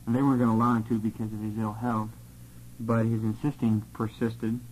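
A man telling a personal testimony of his missionary years in an earnest, steady, plain-spoken way. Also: lowish voice, fairly quick, a little hiss or hum, poor audio.

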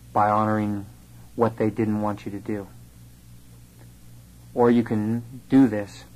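A man's voice: on the low side, darkish tone, low-quality recording. A young man giving an earnest personal testimony, telling his story through remembered conversations. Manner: earnest storytelling, quoting others in dialogue.

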